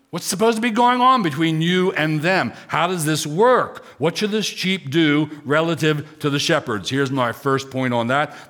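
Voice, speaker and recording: A pastor from Pennsylvania, United States, preaches a sermon built on emphatic lists and rhetorical questions. His voice is fairly high and a bit bright.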